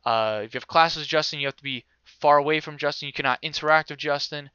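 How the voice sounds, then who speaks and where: A young man casually telling a story, animated and swearing freely, acting out other people's voices. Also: a little high, fast talker, clear, resonant tone, no echo, muffled recording.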